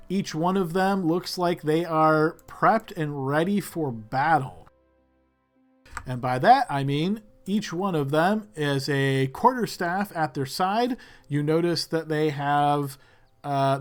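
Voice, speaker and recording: A man narrating as game master for a tabletop role-playing game, describing scenes in a loose way with many fillers. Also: fairly high pitch.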